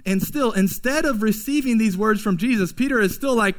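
High-voiced pastor preaching casually. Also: male voice, moderate pace, few pauses. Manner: casual, conversational preaching with slangy asides. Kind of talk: sermon.

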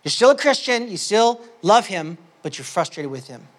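High-voiced impassioned male preacher. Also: big pitch swings, normal speed. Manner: impassioned, swinging between hushed asides and loud outbursts; conversational, with fillers and restarts. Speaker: pastor. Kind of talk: sermon.

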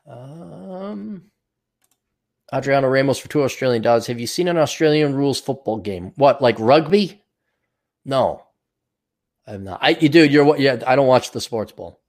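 A man's voice: mid-range voice, expressive, normal speed, vocal fry, pauses often, a little mellow. A middle-aged man hosting a podcast, ranting bluntly and sarcastically with plenty of profanity. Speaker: podcast host.

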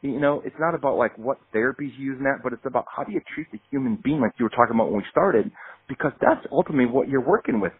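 Guy rattling off stories quick, husky voice, tinny phone-ish sound. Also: medium pitch, no echo. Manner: animated storyteller acting out quoted dialogue. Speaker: guest doctor. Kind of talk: casual podcast storytelling.

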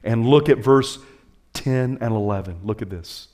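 A man preaching a sermon as pastor, swinging his pitch high and low and calling out to the congregation. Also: measured pace, a little mellow.

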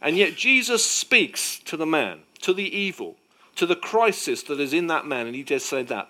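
A man preaching a sermon with emphatic delivery, swinging between loud declarations and hushed moments. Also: fairly high pitch, big pitch swings, normal speed.

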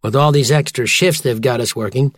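A man voicing a calm, wry young male platypus detective in an audiobook. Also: mid-range voice, brisk, no echo, clean studio sound, natural voice.

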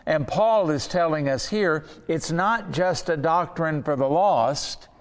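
Earnest male Bible teacher, smooth voice. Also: on the high side, in a large hall. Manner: earnest, slows down to stress key words. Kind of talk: Bible study lesson.

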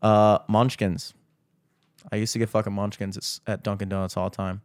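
A man's voice: fairly low pitch, level tone, a little fast, a little mellow, no echo, studio quality. A young man hosting a podcast, chatting casually in a rambling, profane, ranting way. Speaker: podcast host. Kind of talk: casual chat.

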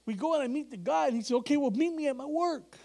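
High-voiced preacher telling a story. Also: male voice, quick pace, creaky. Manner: animated, acts out dialogue, laughs often. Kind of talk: sermon storytelling.

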